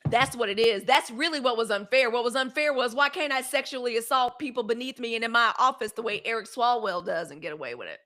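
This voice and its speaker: A woman hosts a live news commentary show, delivering impassioned livestream commentary in a fiery, emphatic style with repeated phrases. Her voice is a little high and sharp, and she talks fast with hardly any pauses.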